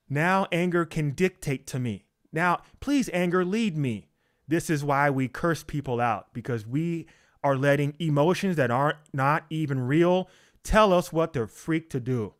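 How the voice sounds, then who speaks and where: A man's voice: a little high, a little slow. A man preaching emphatically, repeating his points, asking rhetorical questions and often checking in with "okay?".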